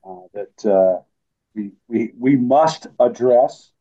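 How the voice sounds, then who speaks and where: A man talking slowly and haltingly in a casual chat about faith, with many fillers. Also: medium pitch, highs cut off.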